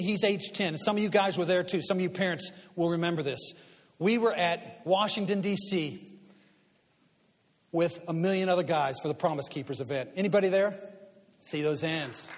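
High-voiced man telling stories in a hall. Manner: animated storyteller, swinging from quiet asides to loud punchlines. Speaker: guest speaker and media commentator. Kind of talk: storytelling talk to a live audience. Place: large hall before an audience. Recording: long reverb of a large hall.

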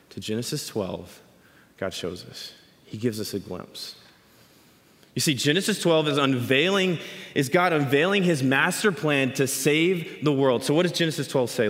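A man giving a sermon, explaining scripture and telling a story in an animated way. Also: mid-range voice. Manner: animated storytelling, acts out quoted voices. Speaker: speaker teaching scripture. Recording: long hall reverb.

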